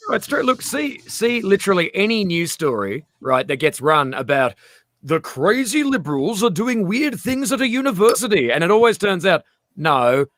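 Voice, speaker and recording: An Australian man hosting a casual comedic stream chat, animated and swearing, often slipping into quoted voices. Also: on the high side, slight background noise. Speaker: comedian host.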